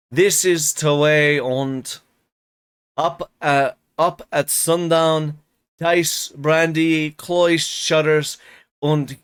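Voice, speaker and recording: Old grumbling manservant, thick rural dialect, read by a man on stream, slow and halting, clear tone. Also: on the high side, dry recording, voice pushed up. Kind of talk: reading a novel aloud on a live stream.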